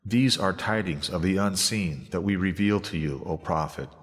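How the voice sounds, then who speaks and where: Deep-voiced man reading scripture. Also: moderate pace. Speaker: reader. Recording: long hall reverb.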